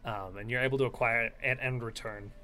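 A man acting as game master in a tabletop game, talking in a relaxed, hesitant way with frequent ums. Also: mid-range voice, a little fast.

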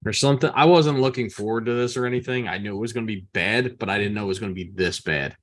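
A man's voice: fairly low pitch, fast talker. A man co-hosting a podcast in casual chat, blunt and exasperated. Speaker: podcast co-host.

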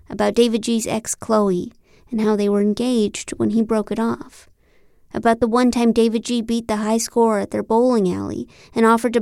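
A woman narrating a novel in the first person, with a wry, deadpan delivery. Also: mid-range voice, vocal fry, dry recording, clean studio sound. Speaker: audiobook narrator.

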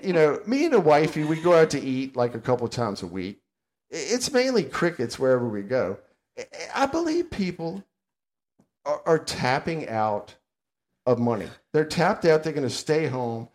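A man's voice: fairly high pitch, very animated, measured pace, a little mellow. Blunt, ranting older man. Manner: blunt, sarcastic, grumbling. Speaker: podcast co-host. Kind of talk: casual ranting chat.

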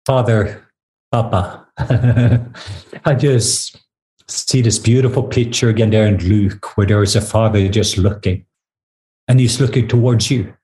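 Middle-aged Norwegian-born minister, low and warm, leads a slow, lingering prayer. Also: male voice, fairly even intonation. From Norway. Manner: slow, drawn-out prayerful delivery. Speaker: guest minister. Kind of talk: spoken prayer.

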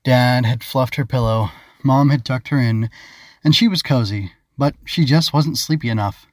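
A man reading his own children's audiobook in a calm, even narrating voice at a middle pitch. The recording is close and dry, with no room sound. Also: moderate pace, dry recording. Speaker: author and narrator.

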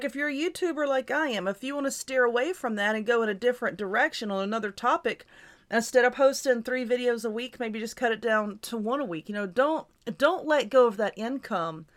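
A woman hosting her own show, giving casual, reassuring advice in a chatty, repetitive way while stifling hiccups. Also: on the high side. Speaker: YouTuber and podcast host.

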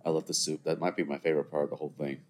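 Talking very fast in a rumbling low, level, slightly mellow voice, this man in his twenties hosts a solo podcast from his computer indoors. He rambles chattily and throws in joking asides to listeners, with a little hiss or hum audible.

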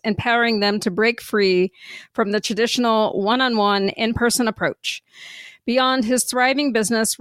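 A woman's voice: on the high side, smooth, no room sound. A middle-aged woman hosts a podcast, first reading a scripted introduction and then chatting easily. She laughs often, and her voice sits dry and close to the microphone. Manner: bright and warm, laughs often. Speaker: podcast host.

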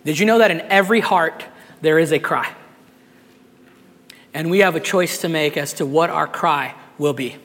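A man, a pastor, delivering an impassioned sermon to a live congregation, building up to shouts and often restarting phrases. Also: a little high, moderate pace, pauses often, long reverb tail. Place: church sanctuary with a live congregation.

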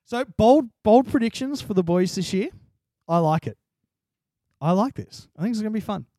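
Aussie guy on a podcast, kinda high voice, dry close mic, laughing a lot. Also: moderate pace, no room sound. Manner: laughing, animated storytelling, swears freely. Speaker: podcast co-host. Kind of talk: casual chat.

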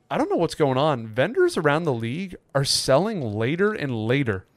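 A man's voice: fairly high pitch, moderate pace, dry recording. A young man with a slightly raised voice co-hosts a casual podcast, telling stories with lots of acted-out quotes. The sound is dry and close. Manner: animated storyteller acting out quoted people. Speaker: podcast co-host. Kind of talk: casual chat.

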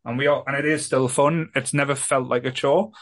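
A man's voice: medium pitch, fairly even intonation, a little fast, fairly bright tone. A man co-hosting a casual group chat, rambling, restarting and swearing a lot. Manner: rambling, repeats himself, swears. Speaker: co-host.

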